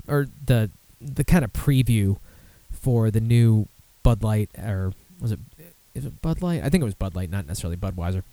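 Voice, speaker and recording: A man hosting a podcast in loose, unscripted chat, full of fillers, restarts and casual swearing. His voice sits low with a warm, mellow tone. The sound is dry and close, with no room echo. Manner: rambling, profane, many fillers and restarts. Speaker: podcast host.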